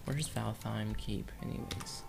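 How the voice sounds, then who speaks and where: A man's voice: on the low side, a little slow, vocal fry. A young man giving rambling, joking commentary while playing a video game, chatting to the characters on screen. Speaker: gaming YouTuber. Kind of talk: let's play commentary. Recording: game music behind the voice.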